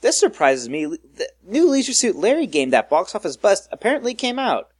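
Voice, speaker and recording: A man hosting a casual gaming podcast, reading through a list briskly and joking with his co-hosts. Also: high-pitched, sing-song, husky, dry recording. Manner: reads a list briskly, jokey. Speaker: podcast host.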